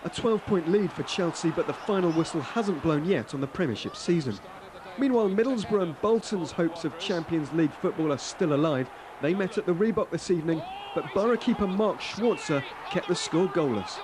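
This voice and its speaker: A man delivering a scripted sports news report in a brisk way. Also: fairly high pitch, lively intonation, background noise.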